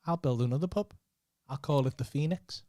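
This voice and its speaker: A man's voice: a little high, brisk, dark tone, dry recording, studio quality. A man with a Scouse accent, hosting a casual podcast chat and teasing his guest with plenty of swearing and laughter. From Liverpool. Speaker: podcast host.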